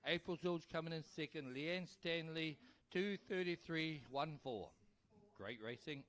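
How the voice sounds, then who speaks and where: A man calling a canoe race live as announcer, excitable and urging the crowd to cheer. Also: fairly high pitch, a little slow, smooth. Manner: excitable, urges the crowd, tongue-tied at times. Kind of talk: live sports commentary. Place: outdoor regatta venue.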